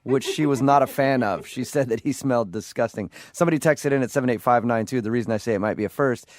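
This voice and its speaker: A male morning radio host with an ordinary middle pitch. He talks in joking, teasing banter and laughs easily. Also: fast, no room sound, studio quality.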